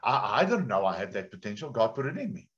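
A man's voice: fairly low pitch, very animated, fast talker, fairly bright tone. A male pastor preaching a sermon, telling stories in a chatty way and often repeating words. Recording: dull lo-fi sound.

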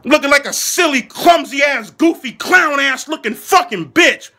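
A man delivering a furious, mocking, heavily profane comedic rant as an angry football fan, breaking into shouts. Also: very high-pitched, lively intonation, normal speed. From Philadelphia. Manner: furious, mocking, heavy swearing, shouting bursts.

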